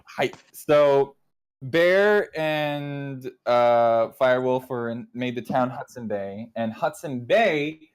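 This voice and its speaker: A man's voice: medium pitch, slow, clean tone. A young man casually recounting the history of his online community as its leader, rambling and acting out quoted exchanges.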